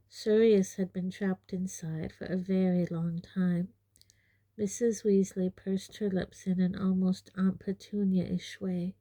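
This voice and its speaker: Slow, mellow woman reading a storybook. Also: mid-range voice, dry recording. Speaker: audiobook reader. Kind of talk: audiobook narration.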